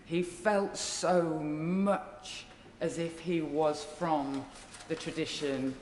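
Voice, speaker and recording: A woman's voice: deep voice, extremely slow, a little hiss or hum. A woman with a Birmingham accent, a member of parliament giving a tribute speech that mixes fond jokes with laughter. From Birmingham, England. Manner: warm, joking, laughs between phrases. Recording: echoey chamber with long reverb.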